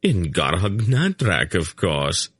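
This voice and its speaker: A man's voice: low-pitched, huge pitch swings, slow pace, fairly bright tone, slightly rough, no echo, clean studio sound, heavily acted. A man voicing a sly male spy and trader who talks in a breezy, urbane, dryly witty way.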